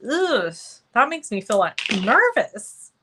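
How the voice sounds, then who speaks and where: A very animated woman with a fairly high voice hosts a live cardmaking tutorial at a slow pace, with background noise behind her. She chats as she crafts and answers viewer comments by name, poking fun at herself along the way.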